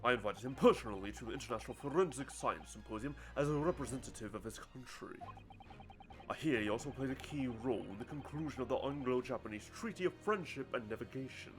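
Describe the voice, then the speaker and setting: A man's voice: mid-range voice, expressive, fast talker, over music, close to an everyday voice. A man voicing a pompous older British chief justice in a formal, grand manner while reading a game's dialogue.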